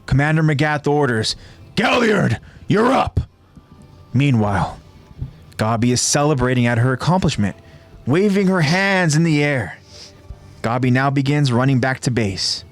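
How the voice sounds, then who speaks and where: A man who hosts a podcast, retelling an anime episode scene by scene in a steady, descriptive way. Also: mid-range voice, moderate pace, soft background music. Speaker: podcast host.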